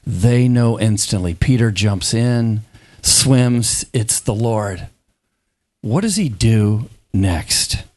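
A middle-aged man preaching a sermon, animated and playful, acting out the dialogue of biblical scenes in quick voices. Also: on the low side.

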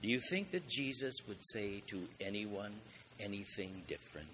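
A man's voice: lowish voice, moderate pace, noisy background. A man preaching a sermon, asking rhetorical questions and building up with emphatic swells in volume.

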